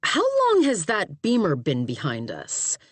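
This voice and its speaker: A woman's voice: lowish voice, wildly swooping pitch, unhurried, slightly rough, dry recording, full character voice. A woman voicing a blunt, terse female special agent and former sniper.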